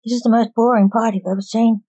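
A woman voicing a blunt, squeamish teenage girl apprentice in a read-aloud story, pitching her a little higher. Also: steady tone, fast talker, dark tone, breathy edge, highs cut off.

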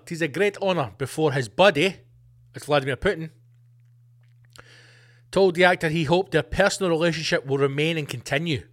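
A man's voice: a little high, fairly bright tone. A man hosting a podcast, ranting in a sweary, sarcastic comic monologue and slipping into mock voices. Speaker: podcast host.

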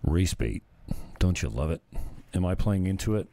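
A man's voice: low voice, lively intonation, moderate pace, mellow, dry recording. A male podcast host in casual solo commentary, rambling and sarcastic.

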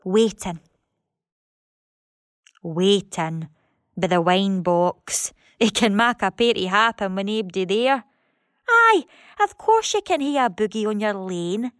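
A middle-aged woman with a Scottish accent performs a dramatic monologue. Her theatrical delivery swings between loud declarations and hushed asides, taken at an unhurried pace. The sound is dry and close, with no room echo. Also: mid-range voice, expressive.

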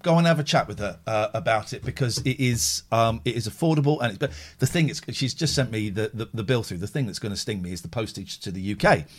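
A middle-aged man hosts a livestream, chatting casually in a fairly low voice at a quick pace with few pauses. He's animated and acts out voices when he tells anecdotes.

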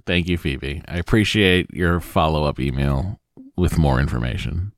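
A man co-hosting a casual podcast, joking and teasing in relaxed banter. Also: a bass voice, moderate pace, dry recording, studio quality. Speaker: podcast co-host. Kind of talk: casual chat.

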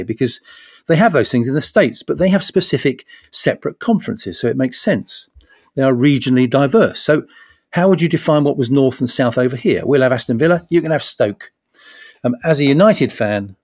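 A man's voice: medium pitch, a little mellow, no echo, studio quality. A man hosting a podcast, delivering a wry, punning satirical comedy monologue with sarcastic asides. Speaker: podcast host.

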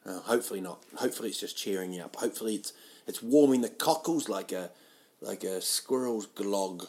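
A man rambling through a comic monologue, mocking himself and jumping into loud, silly voices. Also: fairly low pitch, expressive, brisk. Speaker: comedian doing a solo audio show.

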